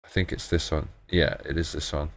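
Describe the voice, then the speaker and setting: Deep-voiced excitable British man. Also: brisk, no room sound. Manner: excitable, rambling, frequent exclamations. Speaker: live-stream host. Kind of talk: casual live-stream chat.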